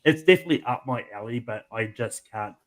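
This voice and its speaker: A man's voice: medium pitch, expressive, quick pace. A man on a casual panel chat, answering hesitantly with many ums. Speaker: panel guest.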